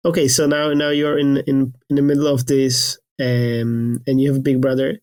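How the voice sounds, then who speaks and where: A man's voice: medium pitch, level tone, moderate pace, a little mellow. A man hosting a podcast interview, asking questions hesitantly with many fillers. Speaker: podcast host.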